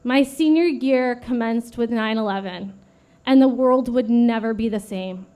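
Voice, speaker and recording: Woman, late thirties, memorial speech, earnest, fairly high voice. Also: a little slow. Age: late 30s. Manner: earnest, steady, read from a script. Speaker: vigil speaker.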